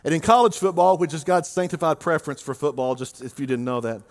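A man from Oklahoma, the lead pastor, preaching a sermon with jokes and lively swings between loud and quiet. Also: fairly high pitch. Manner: animated, joking, swings between loud and quiet, drawn-out emphasis.

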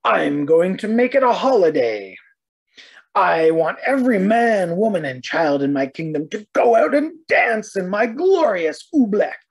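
A woman's voice: mid-range voice, very animated, a little slow, husky, heavily acted. A woman voicing a proud, bossy king who gives commands in a storybook reading. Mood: commanding. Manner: commanding, dismissive.

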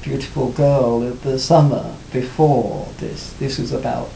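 A man being interviewed about his music career, talking reflectively with many pauses and restarts. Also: fairly even intonation, vocal fry, dark tone. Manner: hesitant, many restarts and "you know". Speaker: interviewee, former band cellist. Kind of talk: reflective casual interview talk. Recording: roomy, faint rumble.

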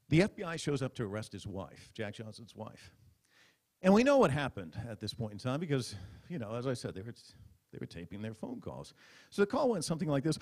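A man with a medium-pitched, slightly mellow voice performs stand-up on stage before a live audience. As a comedian at a press club roast, he tells a mock-dramatic story into a stage microphone.

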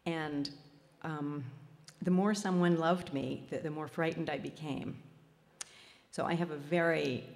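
A woman's voice: deep voice, long reverb tail. A woman speaking at a festival, telling a personal story and laughing at herself as she goes. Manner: warm self-deprecating storyteller who laughs at herself. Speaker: spiritual healer speaking at a festival.

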